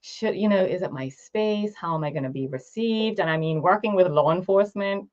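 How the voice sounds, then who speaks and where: Woman, interview host, low pitched, emphatic chat, muffled lo-fi call sound. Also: a little fast, a little mellow. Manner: emphatic, many fillers like "right?".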